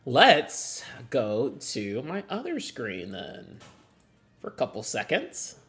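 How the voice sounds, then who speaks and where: A streamer talking casually while playing, swearing freely and laughing at their own mistakes, lurching between loud outbursts and quiet muttering. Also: medium pitch, huge pitch swings, slow pace, faint music behind.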